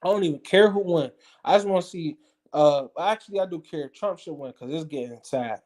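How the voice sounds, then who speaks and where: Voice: mid-range voice, a little fast, a little mellow. A speaker delivering a blunt, profane, heated political rant straight to viewers, hammering the same points over and over. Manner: blunt, profane, combative, repetitive. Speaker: political commentator. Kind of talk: heated ranting monologue.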